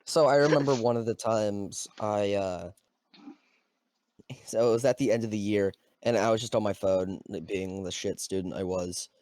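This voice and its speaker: A man's voice: lowish voice, normal speed, darkish tone, no echo, clean studio sound. A young man co-hosting a casual chat podcast, telling school stories with laughter and casual swearing. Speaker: podcast co-host.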